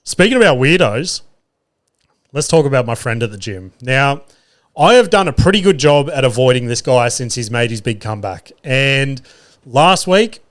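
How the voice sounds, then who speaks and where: A man in his thirties hosts a laid-back solo podcast. He talks in a middle pitch, close to the mic, and spins profane, exasperated stories punctuated by wry laughter. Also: lively intonation, moderate pace, fairly bright tone. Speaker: podcast host. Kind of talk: casual solo podcast monologue.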